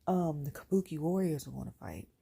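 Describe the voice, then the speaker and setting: A woman with a low, husky voice and some vocal fry talks briskly, an adult mother of a son reviewing a wrestling show. Her casual rant is animated, blunt and full of slang, and she sounds close to tears.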